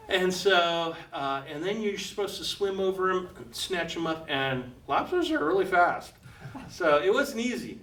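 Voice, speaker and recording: An older man spins a true adventure yarn for a live crowd, laughing softly at his own story and slipping into the voices of its characters. His voice is bright and sits a little high. He sounds a bit distant from the mic, in an echoey room with a faint hum behind him. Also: expressive, unhurried. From United States. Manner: chuckles often, acts out quoted voices. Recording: roomy, slightly distant, faint background hum.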